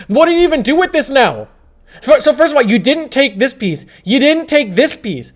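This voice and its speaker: A man's voice: very high-pitched, big pitch swings, normal speed. Exasperated young man streaming chess. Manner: exasperated, swings between shouting and mumbling. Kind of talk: live stream commentary.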